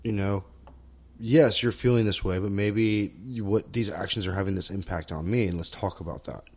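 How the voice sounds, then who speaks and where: A man's voice: on the low side, moderate pace, darkish tone. A man co-hosting a casual conversation, reflective and circling back on his points with frequent "right?" tags. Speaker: podcast co-host. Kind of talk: casual conversation about relationships and therapy skills.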